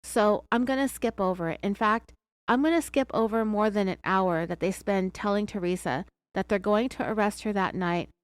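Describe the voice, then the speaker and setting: A woman's voice: mid-range voice, moderate pace, clear, resonant tone, no room sound. A woman with an American accent hosting a true crime podcast, telling the story in a sarcastic, chatty way. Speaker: podcast host.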